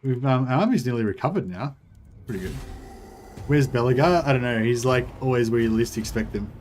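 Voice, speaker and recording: A man livestreams a strategy game and talks in a loose, rambling way. He chats with his viewers as he plays and swears casually. His voice sits at a middle pitch. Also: fairly quick, a little mellow. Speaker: game streamer.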